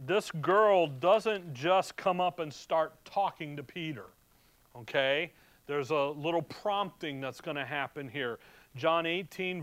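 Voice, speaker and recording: High, smooth-voiced man teaching scripture. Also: fairly bright tone, no room sound. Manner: reads scripture aloud, then explains it in casual, chatty asides. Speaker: Bible teacher. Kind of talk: verse-by-verse Bible teaching.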